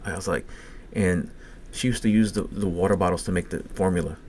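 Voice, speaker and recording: Fast-talking deep Cajun man. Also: darkish tone, slight background noise. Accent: Cajun English. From Louisiana. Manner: profane, rambling personal storytelling. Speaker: podcast co-host. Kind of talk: casual podcast chat.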